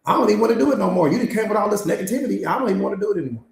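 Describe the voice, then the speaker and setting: A man with a high, gravelly voice delivers a live-streamed motivational master class very fast and in an animated way. His mindset coaching is emphatic and repetitive, packed with slang and rapid rhetorical questions, heard in an echoey room.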